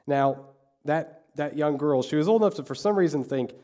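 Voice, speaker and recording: A man's voice: medium pitch, animated, fast talker, darkish tone. A male pastor preaching a sermon, telling a story and acting out the quoted dialogue.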